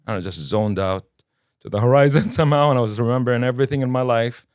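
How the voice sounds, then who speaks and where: A man's voice: mid-range voice, fast, smooth, no room sound, clean studio sound. A man from Kuwait, a podcast guest telling his own story casually and acting out the dialogue as he goes. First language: Arabic. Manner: animated, casual storyteller who acts out dialogue. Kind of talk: personal storytelling in an interview.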